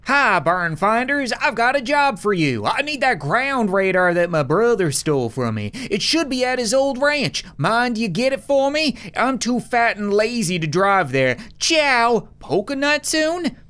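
A streamer voicing a lazy, blunt rural client in a slow put-on accent while reading his message aloud during gameplay commentary. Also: mid-range voice, big pitch swings, fairly bright tone, smooth. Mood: drawling.

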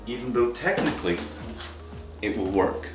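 With lively intonation and a normal pace, a medium-voiced maker casually vlogs his screen-printing, narrating his thoughts and adding fun sound effects. He's well away from the mic, and the roomy recording has music in the background.

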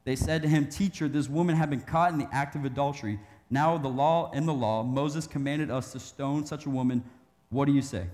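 Young male youth pastor, casual animated sermon, slightly high voice, long hall reverb. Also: a little fast. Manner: casual, animated preaching with acted-out quotes.

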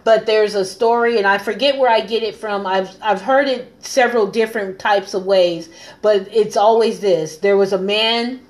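A woman who is a coach and pastor hosts a casual live stream, speaking at normal speed in a medium-pitched voice. She talks earnestly and repeats phrases for emphasis.

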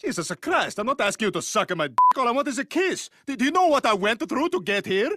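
A man's voice: very high-pitched, big pitch swings, fast, bright, forceful tone, no room sound, studio quality, heavily acted. A man playing a petty plumber hero who whines and argues. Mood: indignant. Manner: whiny, indignant.

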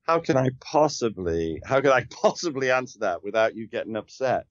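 A man's voice: mid-range voice, expressive, normal speed, dry recording, dull audio. A man who is a sales trainer and podcast guest, talking in an emphatic, coaching way and often firing off rhetorical questions. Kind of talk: conversational coaching.

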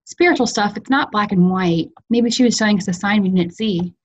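A woman reading aloud, voicing a kind teenage girl who comforts her friend in a soft, reassuring way. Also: medium pitch, a little fast, lo-fi sound, close to an everyday voice. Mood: gentle reassuring.

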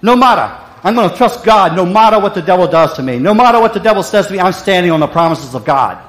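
A man's voice: high voice, lively intonation, fast talker, a bit bright. A man putting on a playful mock Italian accent, repeating a phrase with emphatic rhythm.

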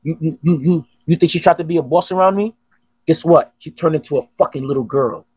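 Male podcast host, fairly high, husky voice, dry sound, swears a lot. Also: a little fast, no echo. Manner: profane, animated storytelling. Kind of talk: casual chat.

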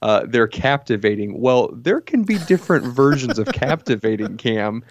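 A man co-hosting a movie podcast, reviewing films in an animated, casual way with lots of restarts and laughs. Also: medium pitch, moderate pace. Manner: animated, stumbling restarts, laughs while talking. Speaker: podcast co-host.

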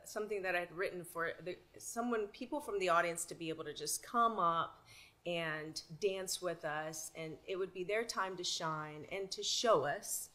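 A woman singer as a guest, telling a lively anecdote with laughs and acted-out quotes. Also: fairly low pitch, normal speed. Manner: laughing storyteller, acts out voices. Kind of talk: animated anecdote.

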